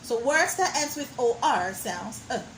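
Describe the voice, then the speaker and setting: A woman teaching a pronunciation lesson, modeling sounds slowly and praising the learner as she goes. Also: on the high side, expressive, a bit bright, roomy sound, slight background noise, poor audio. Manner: slow, drawn-out modeling of sounds with encouraging praise.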